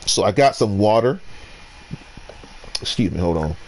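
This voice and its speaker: A man ranting while commentating his gameplay, restarting sentences and swinging between loud outbursts and low muttering. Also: animated, a little slow, slight background noise. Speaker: gamer.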